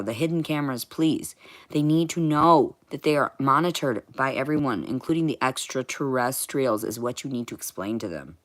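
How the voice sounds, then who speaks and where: Woman, vlogger, rambling monologue, profane, muttering to shouting. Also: very deep voice.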